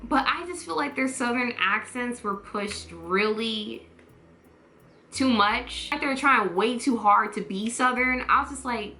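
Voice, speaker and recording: A woman vlogger in casual chatty review mode, animated and putting on playful voices to act out quotes. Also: on the high side, a little slow, echoey room, a little hiss or hum.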